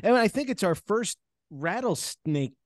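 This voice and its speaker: A man's voice: sits high, expressive, a little slow, no echo, studio quality. A man hosting a podcast, signing off a guest in a casual and enthusiastic way. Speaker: podcast host.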